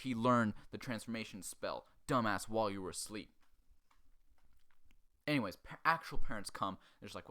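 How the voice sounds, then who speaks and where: A man with a fairly low voice rattles through a movie plot with crude, sarcastic commentary. He drops into short character voices as he retells each scene, like a comedy host riffing on a film. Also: pushed and bright. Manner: crude, sarcastic, acts out characters in quick asides. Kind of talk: profane comedic movie recap.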